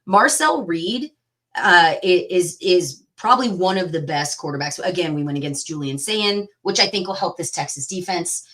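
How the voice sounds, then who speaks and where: A woman's voice: lowish voice, animated, normal speed, a bit bright. A woman co-hosting a casual sports podcast, talking emphatically with sarcastic asides. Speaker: podcast co-host.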